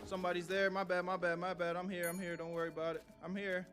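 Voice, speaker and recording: A man's voice: sits high, little pitch movement, fast, over music. A young man streaming a game live, swearing and talking nervously to his chat as he plays. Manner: jittery, swearing, talks to chat. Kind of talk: live gameplay commentary.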